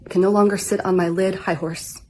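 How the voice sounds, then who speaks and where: Dry, deadpan woman addressing a jury. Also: mid-range voice, a little fast, slight background noise. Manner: dry, deadpan, matter-of-fact. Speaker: comedic vlogger, wife. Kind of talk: mock courtroom rebuttal.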